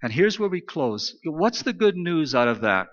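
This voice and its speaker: A man's voice: fairly high pitch, very animated, moderate pace, long reverb tail, muffled recording. A man preaching a sermon in an emphatic style, repeating phrases for stress. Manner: emphatic, repetitive preaching cadence. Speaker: pastor.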